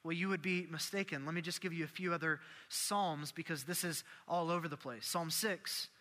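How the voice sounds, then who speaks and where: A man preaching a sermon, animated and acting out the prayers and voices he quotes. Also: fairly high pitch, normal speed, hardly any pauses, long reverb tail. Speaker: pastor.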